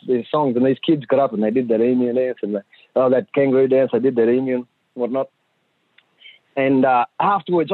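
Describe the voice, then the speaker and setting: A husky, middle-aged man from Central Australia tells stories conversationally as a community storyteller, talking fast in a mid-range voice. He's animated and acts out the voices of his sons and other people. The recording is dry and tinny, almost like a phone call, with no room sound.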